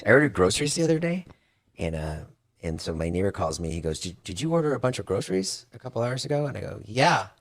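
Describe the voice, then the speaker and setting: A man's voice: lowish voice, quick pace. A man co-hosting a podcast, telling stories in casual chat with frequent laughs and stumbling repeats. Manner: animated storyteller, laughs often, repeats words. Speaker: podcast co-host.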